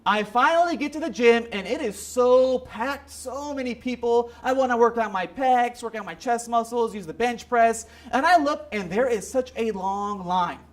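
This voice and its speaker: A man's voice: extremely high pitch, moderate pace, few pauses. A man voicing a tired, complaining single man in his late thirties who piles up excuses in a whiny voice.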